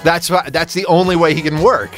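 A man's voice: fairly high pitch, fairly even intonation, brisk, music in the background. A man co-hosting a podcast, swapping crude jokes with frequent stammered restarts and chuckles. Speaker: podcast co-host. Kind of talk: crude comedic banter.

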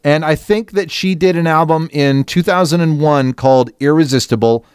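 A man's voice: moderate pace, smooth, dry recording, clean studio sound. A man co-hosting a podcast, talking in crude casual banter, rambling with restarts. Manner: rambling, restarts, lively pitch swings. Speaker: podcast co-host.

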